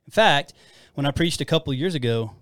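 A man's voice: fairly high pitch, animated, fast, fairly bright tone, no echo, studio quality. A middle-aged man co-hosting a casual faith-based talk about marriage, rambling and self-deprecating with frequent restarts. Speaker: podcast co-host.

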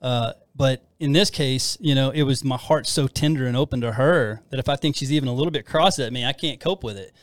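A middle-aged man chatting casually about faith and marriage, rambling and poking fun at himself as he restarts his sentences. His voice sits at an ordinary pitch. The sound is close and dry. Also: fairly quick, hardly any pauses, no echo. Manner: rambling, self-deprecating, with frequent restarts and fillers. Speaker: podcast co-host.

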